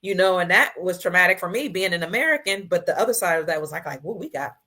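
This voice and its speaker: A woman hosting a casual livestream, reading viewer comments, emotional and tearful, her voice swinging between soft and loud. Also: fairly low pitch, lively intonation, fast. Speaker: livestream host.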